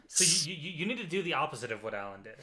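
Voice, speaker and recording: A man's voice: a little high, sing-song, fast, a loud crowd. A man hosting a casual podcast chat, teasing his friends with jokes and casual swearing. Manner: jokey and teasing, swears freely. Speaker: podcast host.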